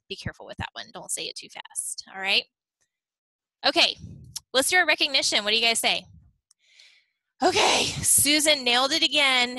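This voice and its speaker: A woman's voice: medium pitch, pushed and bright, dry recording, rough recording. A woman leading a team meeting on a video call, upbeat and chatty, checking in often with "okay?". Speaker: team leader.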